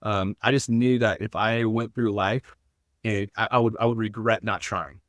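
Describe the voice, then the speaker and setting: Earnest, hesitant man with a low voice. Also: fairly even intonation, moderate pace, a bit bright, no room sound, studio quality. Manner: earnest, self-deprecating, hesitant with many restarts. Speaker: podcast guest. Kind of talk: casual podcast interview.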